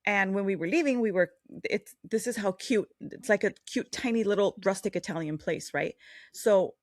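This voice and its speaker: A woman on a casual podcast who winds through her stories with plenty of ums and restarts. Her voice sits at a middle pitch. The recording is dry and close, with no room sound. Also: normal speed, no room sound. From Chicago. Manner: rambling anecdotes with fillers and restarts. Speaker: podcast co-host. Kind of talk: casual chat, storytelling.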